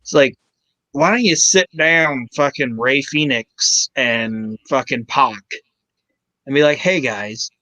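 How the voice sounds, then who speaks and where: A man co-hosting a casual podcast chat, excited and swearing freely as he talks. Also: mid-range voice, no room sound. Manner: excited, swears freely, quotes others in quick put-on voices. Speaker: podcast co-host.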